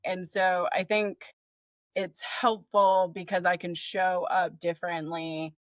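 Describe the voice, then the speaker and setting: A woman's voice: fairly low pitch, takes it slowly, dry recording. A woman doula with a slight Southern American accent, talking casually in a podcast interview with lots of fillers. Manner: casual, many fillers like 'like', expressive. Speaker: doula and birth educator.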